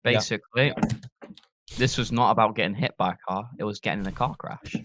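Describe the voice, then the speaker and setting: A man's voice: fairly low pitch, brisk, a bit bright. A man telling a story in casual chat, hesitant and leaning on "basically". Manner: hesitant, keeps saying "basically". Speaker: podcast guest.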